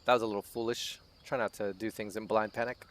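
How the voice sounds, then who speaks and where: A man's voice: on the low side, fairly even intonation, fast talker, a bit bright. Crude, swearing man playing a game. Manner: crude, joking, heavy swearing. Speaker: let's play host. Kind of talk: casual gameplay commentary.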